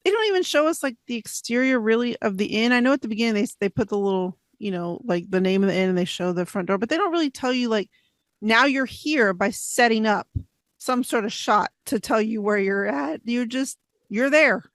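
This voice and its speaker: Animated woman with a lilt. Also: on the high side, a little fast, no echo. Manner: animated, acts out characters' lines mid-story. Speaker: podcast guest. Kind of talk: casual movie review chat.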